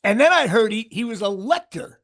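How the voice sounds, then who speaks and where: High-pitched guy with a gravelly husky voice, animated storyteller on a sports podcast, voice swings all over. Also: a little fast. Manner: animated storyteller, does impressions of an announcer. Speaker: podcast co-host. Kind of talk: casual sports chat.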